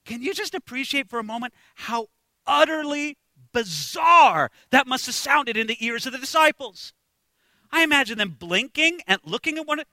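A male pastor preaching an expository sermon, animated, acting out quoted voices and swinging from hushed asides to shouts. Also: very high voice, brisk, no echo. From United States.

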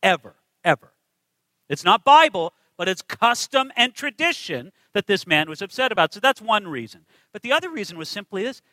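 A man's voice: high voice, big pitch swings, moderate pace, sharp tone, dry recording, poor audio. A man preaching a sermon, emphatic and full of rhetorical questions to his listeners.

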